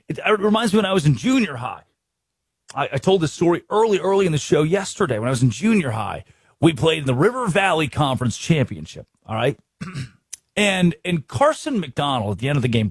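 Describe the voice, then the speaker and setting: Animated, husky sports talk host. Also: male voice, a little high, no echo, clean studio sound. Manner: emphatic, ranting, with many restarts.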